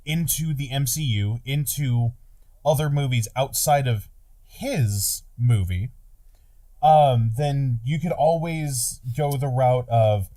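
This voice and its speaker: A man's voice: medium pitch, slow pace, mellow. Laughing, swearing man in casual podcast chat. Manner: laughs easily, swears freely, acts out jokes.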